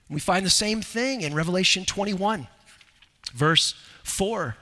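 High-voiced, bright-toned male preacher. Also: unhurried, long reverb tail. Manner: swings from loud, urgent exhortation to low, quiet earnestness. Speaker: pastor. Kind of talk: expository sermon. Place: church sanctuary.

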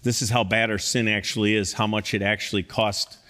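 A man preaching a sermon, reading scripture aloud and rising to loud, emphatic peaks. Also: on the low side, flat delivery, brisk, big-room sound. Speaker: pastor.

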